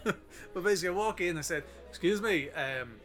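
A man's voice: high-pitched, expressive, a little fast, a bit bright. Profane storyteller man. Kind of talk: casual storytelling chat.

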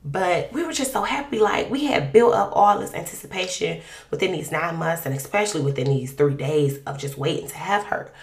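A woman telling a personal faith testimony in a conversational, animated, colloquial way. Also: on the low side, fairly quick, reverberant. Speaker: podcast guest sharing a testimony.

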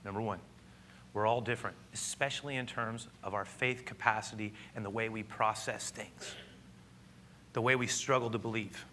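A male pastor preaching a sermon, telling the story with animated delivery and sometimes dropping to hushed, intimate tones. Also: on the low side, moderate pace, a little hiss or hum.

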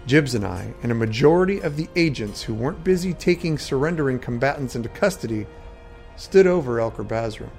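A man narrating a first-person fantasy adventure story in a dramatic, steady way. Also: mid-range voice, brisk, creaky. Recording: faint background music.

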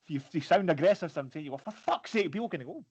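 A man's voice: a little high, expressive, racing, darkish tone. A Scottish man in casual chat who swears freely and laughs at his own stories. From Scotland. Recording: dull lo-fi sound.

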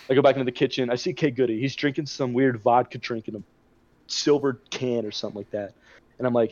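A young man co-hosts a podcast, his medium-pitched voice free of echo as he rambles casually through a party story full of swearing. The audio is dry and muffled.

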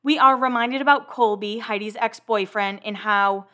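A woman's voice: mid-range voice, moderate pace, sharp tone. A woman hosting a casual recap of TV episodes, chatty and full of "like" fillers.

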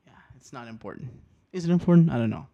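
A man hosting his podcast alone in a small home studio, talking casually and rambling, cursing often, swinging between subdued and excited. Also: medium pitch, quick pace, gravelly, lo-fi sound. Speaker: podcast host. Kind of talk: casual solo podcast chat.

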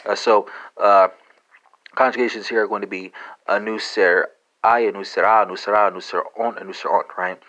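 A man's voice: on the low side, fairly even intonation, a little fast, pushed and bright, poor audio. A man hosting a language-learning podcast, spelling conjugations letter by letter with frequent "uh" and a questioning "right?".

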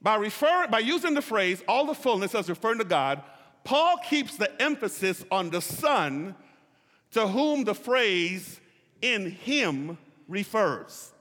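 A man's voice: high-pitched, big pitch swings, takes it slowly, a bit bright. A man preaching a sermon in a church, leading call-and-response by having listeners repeat phrases after him. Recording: long reverb of a large hall.

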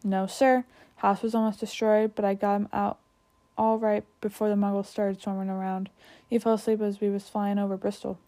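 Big softhearted giant guy, louder, mellow tone, woman doing him. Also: medium pitch, level tone, normal speed, natural voice. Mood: eager. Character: huge gentle male half-giant, soft-hearted.

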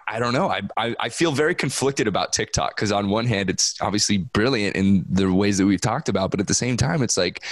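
A man's voice: medium pitch, no room sound. A man hosting a podcast in casual chat, ranting with swearing and stammered restarts. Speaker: podcast host.

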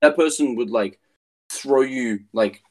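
A man's voice: medium pitch, takes it slowly, darkish tone. Rambling, swearing man in casual chat. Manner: loose and rambling, swearing, losing his words mid-sentence. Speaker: podcast co-host.

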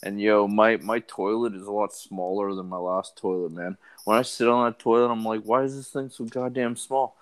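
A man with a slightly low voice in crude, casual chat. He complains about small annoyances, swearing and growing exasperated as he goes. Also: fairly even intonation, normal speed, few pauses, smooth.

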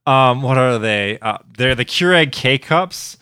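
A man's voice: mid-range voice, animated, takes it slowly, sharp tone, smooth. A young man co-hosting a podcast, telling casual stories full of swearing and jokes. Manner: swearing, joking storyteller. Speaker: podcast co-host. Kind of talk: casual chat. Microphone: mic held sideways.

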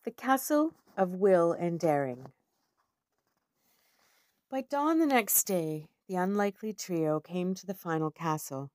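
A woman reading a storybook chapter aloud in a measured, expressive way. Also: lowish voice, no room sound. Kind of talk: scripted storybook narration.

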